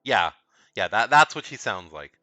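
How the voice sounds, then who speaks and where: Man, bright tense voice, dry close sound with faint music under it; rambling, blunt tier-list commentator who repeats himself. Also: lowish voice, very animated, normal speed, no echo. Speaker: video game tier list creator. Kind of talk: casual commentary.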